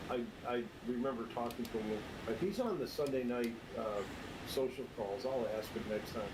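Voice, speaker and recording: A man's voice: medium pitch, normal speed. A man from the southern United States, chatting casually and telling stories about his hobby. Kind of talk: casual chat. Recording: audible background noise.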